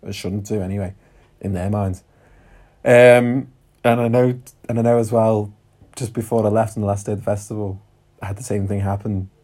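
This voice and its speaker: A man's voice: lowish voice, steady tone, normal speed, pauses often, mellow. A man with a Scouse accent telling a story on his podcast in a chatty way, laughing often and swearing casually. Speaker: podcast host.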